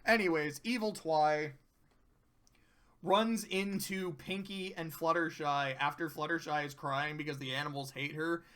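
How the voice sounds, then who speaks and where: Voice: medium pitch, steady tone, a little slow, fairly bright tone. A commentator casually recapping cartoon episodes, rambling, swearing freely and laughing often.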